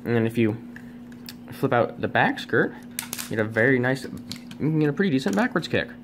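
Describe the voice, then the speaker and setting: Sing-song and brisk, a man with a mid-range voice reviews a toy at home, filmed on a camera sitting on a tripod. He rambles through this casual, unscripted review, joking at his own expense and restarting often amid fillers. There's slight background noise.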